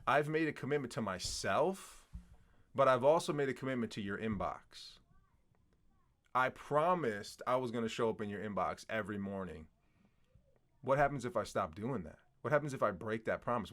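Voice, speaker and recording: A man's voice: medium pitch, animated, moderate pace, a bit bright. A man in a casual conversation, talking earnestly and asking himself rhetorical questions. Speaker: podcast guest, writer and content creator.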